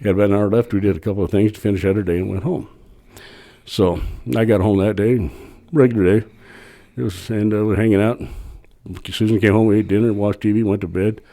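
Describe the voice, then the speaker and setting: Man with a dark mellow voice talking quick, just rambling through a story. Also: lowish voice, steady tone. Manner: rambling, plain-spoken, acts out his own quotes. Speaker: podcast guest telling a story; cemetery worker. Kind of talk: casual storytelling.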